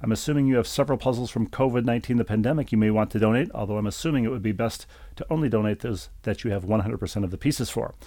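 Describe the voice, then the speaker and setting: Gravelly man, dry podcast host. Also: mid-range voice, rapid-fire, hardly any pauses, mellow, no echo. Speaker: podcast co-host reading listener emails. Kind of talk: casual chat.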